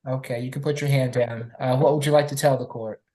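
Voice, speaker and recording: Low-voiced woman judge, stern. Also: steady tone, warm tone, rough recording. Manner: measured, stern questioning. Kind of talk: court hearing.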